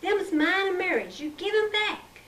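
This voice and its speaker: A woman's voice: a little high, animated, a little fast, a bit bright, reverberant, distant mic. A woman voicing a furious teenage girl screaming threats at her little sister. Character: angry teenage girl, big sister out for revenge.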